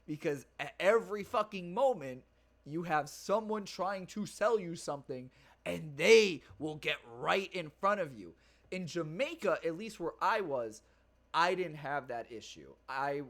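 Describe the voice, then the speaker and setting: A man's voice: on the high side, fairly bright tone. A young man hosting his own podcast, chatting casually and rambling, swearing freely with plenty of fillers and restarts. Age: young adult. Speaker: podcast host. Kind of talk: casual solo podcast chat.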